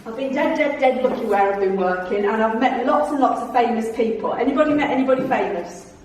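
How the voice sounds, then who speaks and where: A woman's voice: on the high side, fast, a little mellow. Woman, middle-aged, chatty theatrical storyteller, humorous club talk, very echoey room, distant mic. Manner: chatty, theatrical storyteller who laughs often. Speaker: guest speaker, former tour guide.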